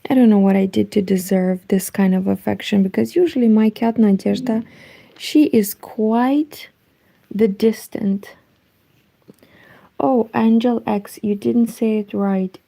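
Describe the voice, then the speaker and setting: A woman from Eastern Europe with a Romanian accent, speaking Romanian natively, chatting softly at home late at night on a knitting livestream, her voice nearly gone. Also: mid-range voice, steady tone, measured pace, creaky. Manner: soft-spoken, reads chat aloud. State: nearly lost voice.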